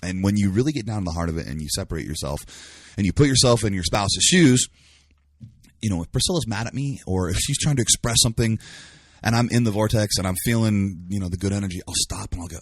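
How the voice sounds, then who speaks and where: A man's voice: lowish voice, animated, fast, dry recording, clean studio sound. A man talking earnestly as a guest in a casual interview, searching for his words as he goes. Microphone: live stream by phone.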